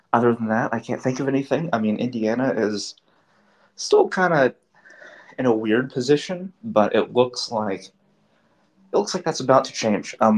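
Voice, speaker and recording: A man chairing an online meeting, talking informally and rambling a little, heard over a video call. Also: mid-range voice.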